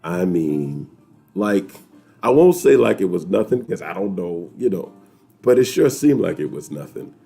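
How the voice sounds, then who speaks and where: Deep gravelly man telling a story. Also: unhurried, faint music behind. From New York. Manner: animated, laughing, talks straight to viewers. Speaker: host of a weekly chat. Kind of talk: casual storytelling to viewers.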